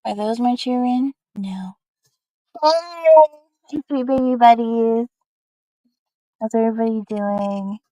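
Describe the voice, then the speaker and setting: A woman's voice: fairly high pitch, takes it slowly, pauses often, mellow, no room sound, dull audio. A young woman chatting casually on a live stream at home, rambling with lots of fillers.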